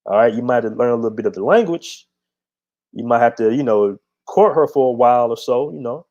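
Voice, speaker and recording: The dull lo-fi recording carries a middle-aged man's brisk, dark, mid-range voice as he hosts his channel. He tells a story in an easygoing monologue, speaking bluntly and swearing freely.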